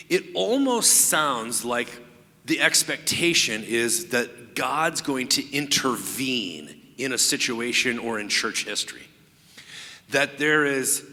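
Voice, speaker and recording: A man preaching a sermon as pastor, explaining his points in a measured way with frequent pauses. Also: mid-range voice, pushed and bright, big-room sound. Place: church sanctuary.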